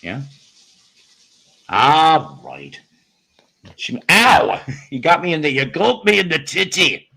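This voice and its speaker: A man's voice: fairly high pitch, sing-song, takes it slowly, vocal fry, pauses often, sharp tone. A man hosting a casual live stream, rambling and joking with viewers with crude humor. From northern United States.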